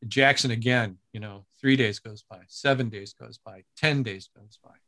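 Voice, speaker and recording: A man who works as a broadcaster, telling a story in an interview in an animated way, with frequent restarts and acted-out quotes. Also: mid-range voice, normal speed.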